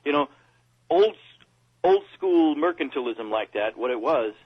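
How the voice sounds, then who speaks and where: A man co-hosting a casual talk radio discussion, who pauses and repeats words as he talks. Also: on the high side, expressive, slightly rough. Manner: reads quotes aloud, pauses and repeats words. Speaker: co-host. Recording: dull lo-fi radio audio.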